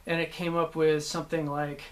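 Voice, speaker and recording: A man, a voice actor, casually recalling his work, rambling with many pauses and restarts. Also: on the high side, flat delivery. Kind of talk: casual anecdotal talk.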